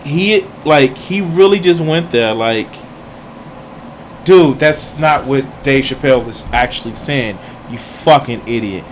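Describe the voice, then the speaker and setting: A man's voice: medium pitch, animated, a little slow, a little hiss or hum. A man streaming reaction commentary, heated and mocking, swearing constantly as he picks apart a clip.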